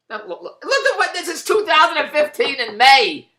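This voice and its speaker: A man's voice: extremely high pitch, big pitch swings, fairly quick, bright, forceful tone, echoey room, slight background noise. A man delivering a rambling, indignant opinion monologue, repeating himself. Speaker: commentator.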